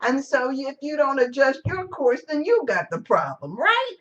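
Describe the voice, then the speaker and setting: A woman's voice: sits high, sing-song, a little slow, few pauses, a bit bright. A woman speaking at her church, giving a conversational sermon in a rambling, chatty way with lots of fillers and restarts. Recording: live stream from a church.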